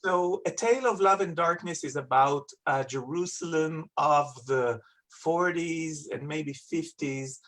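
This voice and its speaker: A man, a guest telling lively stories in an interview, repeating words for emphasis and making playful asides. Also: a little high, measured pace. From Israel. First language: Hebrew. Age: 50s. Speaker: guest chef and author. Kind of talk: casual interview talk.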